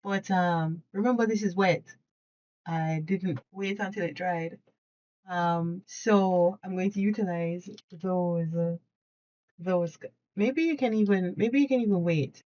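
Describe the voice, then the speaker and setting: Seated at her home desk, a woman hosts a relaxed craft tutorial, excitable and talkative, frequently laughing and fixing her wording mid-sentence. Her pitch is fairly low and her pace a little slow. The sound is lo-fi.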